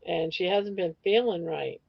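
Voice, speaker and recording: Slow, gravelly older woman host. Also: lowish voice. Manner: rambling, breaks into song snatches. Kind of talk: casual live-stream chat. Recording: dull lo-fi stream audio.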